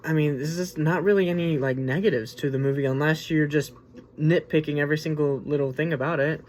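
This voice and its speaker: A man's voice: fairly high pitch, steady tone, brisk, a little hiss or hum. Rambling casual male movie reviewer. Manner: rambling and informal, with many restarts, "like" and "you know". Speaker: movie reviewer, host of the show.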